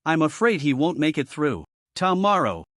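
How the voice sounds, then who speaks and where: A man reading a flattering wealthy old man. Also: fairly high pitch, normal speed, dry recording, clean studio sound. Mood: courteous. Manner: deferential, flattering.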